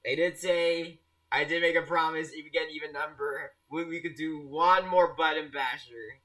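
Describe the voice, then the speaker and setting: A man's voice: fairly high pitch, steady tone, moderate pace, bright, forceful tone. A young man streaming a game live, chatting casually and teasing his viewers. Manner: playful, teasing, restarts often, laughs at chat.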